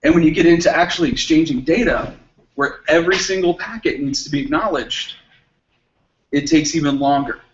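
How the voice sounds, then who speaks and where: A man's voice: on the high side, brisk. A man giving a casual technical talk at a meetup, explaining things with everyday analogies and little acted-out dialogues. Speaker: meetup speaker. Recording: slightly muffled event recording.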